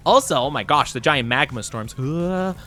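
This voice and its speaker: With a fairly high pitch and normal speed, a male VTuber chats his way through live gameplay. His commentary is casual, giggly and excitable, and it rambles along full of fillers.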